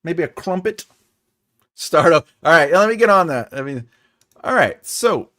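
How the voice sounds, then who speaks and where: Lively, chatty man hosting a livestream. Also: on the high side, moderate pace, no room sound, studio quality. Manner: chatty and jokey, chuckles often, greets viewers by name. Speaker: writing teacher and livestream host. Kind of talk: casual livestream chat.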